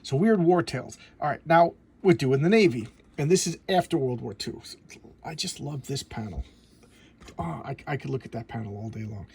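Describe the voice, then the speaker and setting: A man with a gravelly edge to his mid-range voice chats casually through a comic review. He gets excited, trips over his words and starts sentences again. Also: mid-range voice, normal speed. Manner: enthusiastic, rambling, with frequent restarts and repeated words. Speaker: comic book collector and reviewer.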